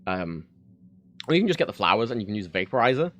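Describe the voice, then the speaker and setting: A man's voice: fairly low pitch, very animated, fast talker, a bit bright. A man chatting frankly on a home livestream, rambling with many fillers and restarts. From United Kingdom. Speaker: streamer. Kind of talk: casual livestream chat. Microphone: desk microphone.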